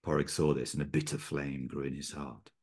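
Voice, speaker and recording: A man reading his own story aloud in a very deep voice with a husky, breathy grain. His storytelling delivery is measured and steady. The sound comes through a video call. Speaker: author reading own work.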